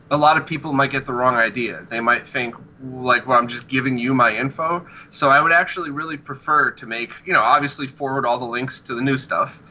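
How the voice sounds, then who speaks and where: Bright sharp-sounding guy hosting a podcast, laughs a lot, some hiss behind. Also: medium pitch, lo-fi sound. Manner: laughs often, swears casually. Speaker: podcast host. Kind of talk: casual chat.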